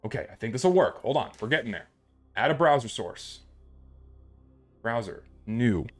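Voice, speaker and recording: Male livestreamer, mid-pitched voice, swears a lot, mutters under his breath, faint music behind. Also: animated, normal speed. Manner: swears often, mutters to himself while fiddling with settings. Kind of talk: live stream chatter.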